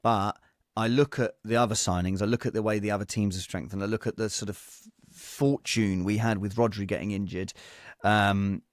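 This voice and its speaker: A man, a comedian and guest on a podcast, telling animated anecdotes full of fillers and restarts. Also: on the low side, moderate pace, no room sound.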